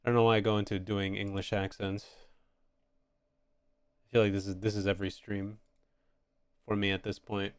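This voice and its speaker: A man's voice: fairly low pitch, flat delivery, moderate pace, pauses often, clear, resonant tone, no room sound, studio quality. A man with an American accent chatting casually on stream while drawing, playful and crude, laughing easily.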